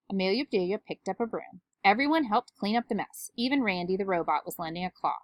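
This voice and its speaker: A woman reading a children's picture book aloud to kids with steady, clear narration. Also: mid-range voice, fast, few pauses, dry recording. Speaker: parent reader.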